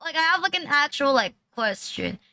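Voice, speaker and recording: This VTuber streamer speaks in a sharp, high-pitched voice, very animated but at a moderate pace. Chatting casually on her livestream, she rambles crudely with constant "like" fillers, trading mocking, teasing banter with her chat.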